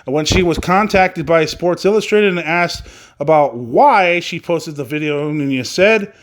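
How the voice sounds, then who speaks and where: A man's voice: a little high, measured pace. A man hosting a solo wrestling podcast, reading news in a casual, rambling way with many fillers and some swearing.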